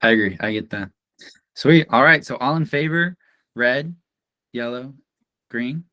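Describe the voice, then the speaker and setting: A man's voice: mid-range voice, sharp tone, no echo. Man hosting a casual video-call chat. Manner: brisk emcee, moving the panel along. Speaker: podcast host.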